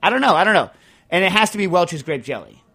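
A man's voice: sits high, lively intonation, fast talker, bright, forceful tone. A man hosting a podcast in casual chat, rambling and emphatic, full of restarts as he answers listener mail. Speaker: podcast host.

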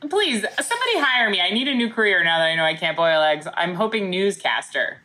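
Joking woman co-host with a bright voice. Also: mid-range voice, big pitch swings, brisk. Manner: jokey, laughs often, mock newscaster reading. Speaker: podcast co-host. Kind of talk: casual comedic chat.

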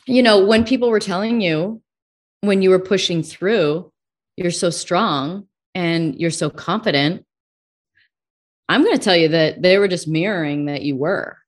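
A woman's voice: fairly low pitch, unhurried. A woman interviewer talking casually and reflectively with her guest. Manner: reflective, encouraging. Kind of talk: casual conversation.

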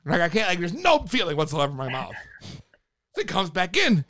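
A man telling a story in casual chat, excitable and full of swearing and slang. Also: sits high, brisk, creaky.

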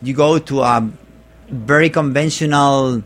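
A man speaking English as a second language, chatting as a guest, halting and repeating words as he searches for phrasing. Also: medium pitch, fairly bright tone. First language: not English. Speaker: guest artist. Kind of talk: casual interview chat.

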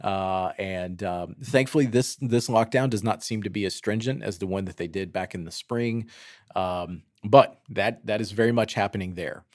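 A man co-hosting a casual roundtable podcast, lively and teasing, with many fillers. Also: lowish voice, moderate pace, no room sound, clean studio sound. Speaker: podcast co-host.

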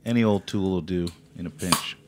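A man hosting a casual podcast interview, prompting his guest quickly with friendly short replies. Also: deep voice, slight background noise. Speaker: podcast host.

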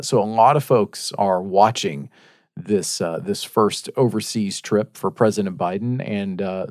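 A man's voice: fairly low pitch, darkish tone, dry recording, studio quality. A man hosting a faith-based news talk show, reading news stories aloud and chatting with his co-hosts.

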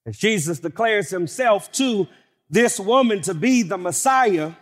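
A man preaching a sermon with emphatic delivery that builds to shouted declarations. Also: high voice, expressive, unhurried. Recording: long hall reverb.

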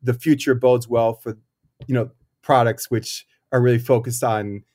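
A man, a cider maker and guest, talking in a thoughtful, halting way with many fillers and restarts. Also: mid-range voice, fairly even intonation, darkish tone. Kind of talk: casual interview talk.

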